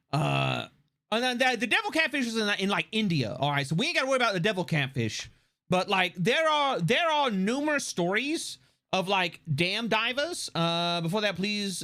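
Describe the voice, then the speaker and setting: A man streaming live, chatting casually and animatedly with lots of swearing and laughter. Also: high voice. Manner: animated, profane, laughing often.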